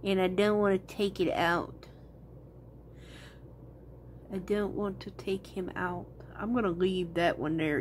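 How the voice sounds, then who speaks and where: A woman's voice: medium pitch, a little hiss or hum. A woman talking casually to her viewers while she makes resin crafts, thinking aloud and rambling as she works.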